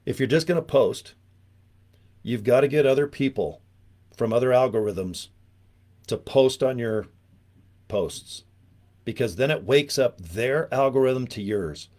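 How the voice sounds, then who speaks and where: A man's voice: mid-range voice, darkish tone. A man giving a casual training talk on network marketing, rambling and joking with frequent asides.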